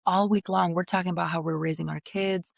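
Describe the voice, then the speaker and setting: A woman in her thirties telling a story in casual chat, animated, blunt and profane, acting out what others said. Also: fairly low pitch, a little fast, gravelly, dry recording, clean studio sound. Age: 30s.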